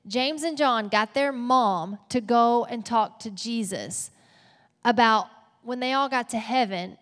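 A woman with a Texas accent preaching a sermon as a pastor, animated and playful with asides. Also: a little high. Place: church auditorium. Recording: long hall reverb.

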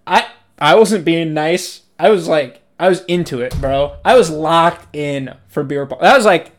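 Laid-back young man, slightly high voice. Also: unhurried. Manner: laid-back, self-deprecating, laughs often. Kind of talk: casual chat.

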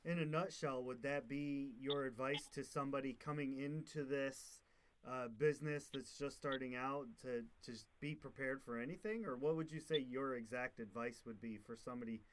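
A man's voice: mid-range voice, moderate pace, a crowd in the background. Podcast host man asking questions. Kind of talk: casual interview.

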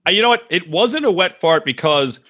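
A man co-hosting a casual comedy podcast, swearing a lot and acting out quotes in an animated way. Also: high voice, a little fast. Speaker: podcast co-host. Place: recording room, west coast.

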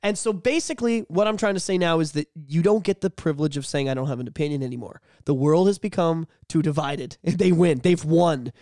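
High-voiced man ranting on a podcast. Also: brisk, hardly any pauses, dry recording, clean studio sound. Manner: animated, swearing, mocking voices in falsetto. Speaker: podcast co-host. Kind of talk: casual chat.

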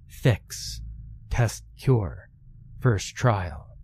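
A man's voice: on the low side, lively intonation, very slow, a little mellow, husky, heavily acted. A man voicing a cold alien leader who speaks in clipped, broken phrases. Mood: curt.

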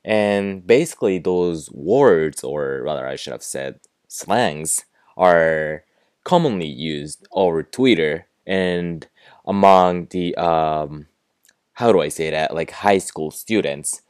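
Slow, deep-voiced man with a Japanese accent. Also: clean tone, no echo, clean studio sound. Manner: relaxed, lots of fillers and self-corrections. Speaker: podcast host teaching slang. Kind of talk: casual solo podcast explanation.

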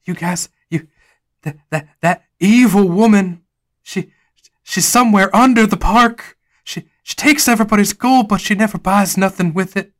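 A man's voice: sits high, normal speed, pitched above the performer's own voice, close to an everyday voice. A man voicing a nervous male park worker who stammers out a warning. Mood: urgent.

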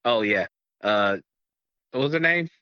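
Bright-voiced man on a dull lo-fi mic. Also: medium pitch, lively intonation, a little slow, smooth, no room sound. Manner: joking, chimes in with wry remarks. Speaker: podcast co-host. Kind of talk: casual movie review chat.

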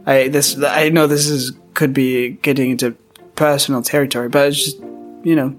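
A man's voice: medium pitch, level tone, moderate pace, soft background music, close to an everyday voice. A man voicing a polite, curious young male adventurer who speaks hesitantly and apologetically in a tabletop role-play. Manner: hesitant, apologetic, many restarts.

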